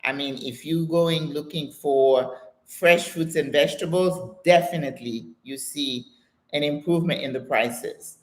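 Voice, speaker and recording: An older American woman hosting a live question-and-answer stream, reading viewer comments aloud and telling stories in a chatty, animated way. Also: low-pitched, measured pace. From United States. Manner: chatty, animated storytelling with exclamations and laughter. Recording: echoey room sound.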